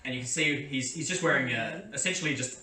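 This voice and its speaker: A man from Australia narrates a tabletop game as game master, describing scenes in a halting, descriptive way. His voice sits mid-pitch. It sounds roomy and far from the mic, with clear noise behind. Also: bright, forceful tone. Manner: descriptive, full of fillers and restarts.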